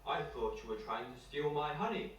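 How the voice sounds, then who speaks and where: A man's voice: on the high side, animated, normal speed, dull audio, slight background noise, close to an everyday voice. A man voicing a male bear who growls at first and then turns apologetic and hospitable, in an echoey room heard from far off. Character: growling bear, gruff but friendly, male.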